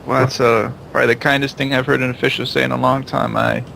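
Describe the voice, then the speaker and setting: Guy playing his character at the table, very gravelly voice, hesitant and polite, some background hum. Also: mid-range voice, little pitch movement, quick pace, bright, forceful tone, rough recording. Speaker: player. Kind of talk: in-character tabletop role-play.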